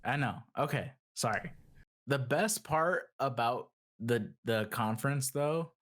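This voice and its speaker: A man's voice: mid-range voice, expressive, slow, fairly bright tone. Rambling young male podcast co-host. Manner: rambling, heavy use of "like", mocking impressions. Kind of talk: casual chat.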